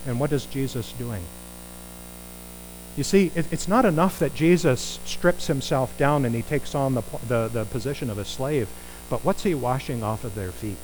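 A man preaching a conversational sermon, animated and putting rhetorical questions to his listeners. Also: medium pitch, normal speed, slight background noise, poor audio.

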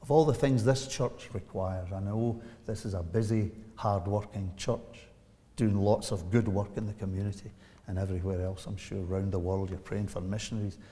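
Old guy in his 70s preaching, gets loud and fired up, big echoey church hall. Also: on the low side, normal speed. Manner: animated, rising to loud emphatic peaks, rhetorical questions. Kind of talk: sermon. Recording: long hall reverb.

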